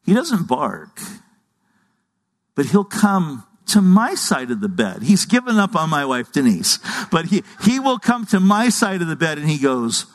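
A man's voice: fairly high pitch, very animated, measured pace. A middle-aged man preaching a sermon, earnest and conversational, often restarting his sentences. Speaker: pastor. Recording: long hall reverb.

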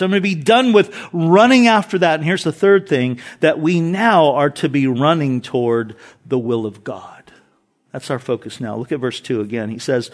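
A middle-aged male pastor preaching a sermon, mixing scripture readings with humorous stories. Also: high-pitched. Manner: animated storytelling with jokes and scripture reading.

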